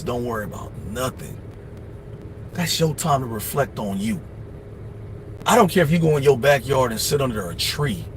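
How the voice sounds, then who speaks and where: A man livestreaming, with a voice of middling pitch and a blunt, profane, preachy delivery. He rambles through life advice and slips into quick mimicked asides. A faint hum of noise sits under his voice. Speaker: livestream host. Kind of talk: casual advice monologue.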